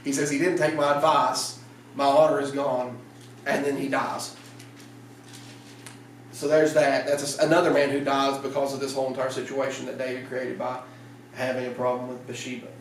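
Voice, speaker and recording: A man preaching a casual evening sermon in a church, telling the story in a lively way and acting out the lines. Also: medium pitch, normal speed, slight background noise. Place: church sanctuary. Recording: roomy church sound from a distant mic.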